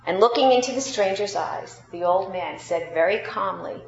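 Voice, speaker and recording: A woman preacher delivering a sermon, telling a story slowly and deliberately, rising and dropping for emphasis. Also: medium pitch, lively intonation, vocal fry, a little hiss or hum. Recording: roomy, dull sound with faint ambience.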